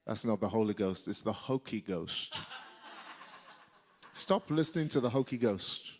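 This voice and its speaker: A man preaching a sermon, telling a personal story in an animated way and breaking into shouted exhortations. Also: fairly low pitch, unhurried, slight background noise. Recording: live church service.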